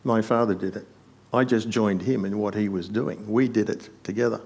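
A man preaching a sermon, explaining a passage point by point and often dropping to a quiet aside. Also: on the low side, fairly even intonation, normal speed, creaky, slightly rough.

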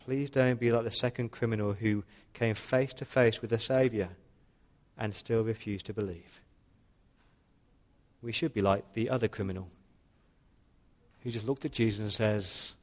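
Earnest male preacher, quiet pauses. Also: fairly low pitch, fairly even intonation. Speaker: pastor. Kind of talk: sermon. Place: church.

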